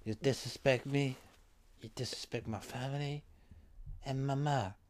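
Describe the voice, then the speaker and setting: A hotheaded Italian-American mob man, put on by a young man in a casual chat, making short, menacing threats. The voice comes out lower in level and sits slightly off-mic. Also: steady tone, unhurried, lightly acted. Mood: threatening. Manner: threatening, clipped phrases.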